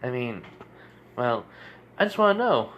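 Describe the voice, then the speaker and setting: A man voicing a young boy emperor in a fan story, eager and polite, in a high, hesitant voice. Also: very animated, measured pace, muffled recording, slight background noise.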